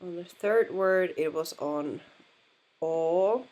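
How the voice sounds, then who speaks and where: A woman's voice: fairly low pitch, takes it slowly, a little mellow. A woman with a Finnish accent, patiently explaining pronunciation in a language lesson and repeating words to model them. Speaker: language teacher.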